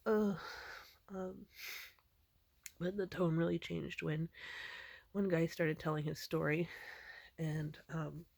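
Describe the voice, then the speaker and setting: A woman casually recounting a dream she had, rambling with many ums and restarts in a low-key way. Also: fairly even intonation, slow pace, pauses often, darkish tone, no echo. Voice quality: gravelly vocal fry.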